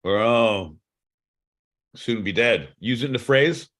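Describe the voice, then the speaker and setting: A man's voice: mid-range voice, slow. A man co-hosting a podcast, swearing a lot and teasing his partner in casual comedic banter. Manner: profane, teasing, animated. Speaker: podcast co-host.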